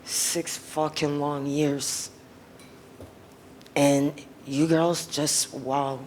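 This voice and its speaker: A woman's voice: sits low, flat delivery, extremely slow, a little mellow, a little hiss or hum. Blunt swearing woman. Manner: blunt, swears often, emotional. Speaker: panelist. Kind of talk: casual panel talk.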